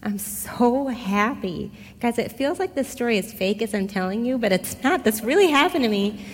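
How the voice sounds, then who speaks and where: A middle-aged woman telling a personal testimony in a casual, expressive way, speaking straight to her listeners. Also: on the high side, brisk, slightly rough. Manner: conversational, expressive, addresses listeners directly. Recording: long hall reverb.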